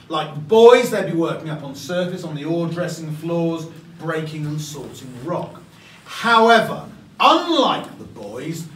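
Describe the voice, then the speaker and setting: A man leads a tour underground, stressing his words as he tells the story. His voice is high and swings up and down a lot. He sounds far from the mic, with the echo of a mine tunnel around him. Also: a bit bright. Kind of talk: guided tour talk.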